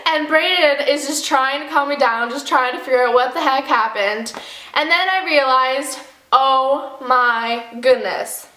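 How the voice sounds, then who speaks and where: A young woman telling a dramatic storytime vlog, acting out the quotes with animated flair. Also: sits high, normal speed, reverberant. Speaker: vlogger.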